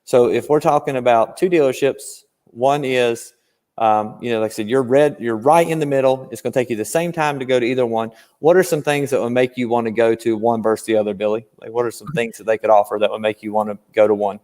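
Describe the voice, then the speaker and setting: A man guest on a casual podcast, coaching dealers and telling animated stories with plenty of examples. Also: medium pitch, quick pace, in a large hall. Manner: animated storyteller, explains with examples. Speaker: guest car-dealership trainer.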